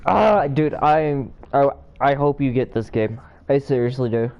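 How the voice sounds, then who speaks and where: A man playing a game and chatting casually in an excited, rambling manner. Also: mid-range voice, unhurried, creaky, lo-fi sound. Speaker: gamer. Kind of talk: game commentary.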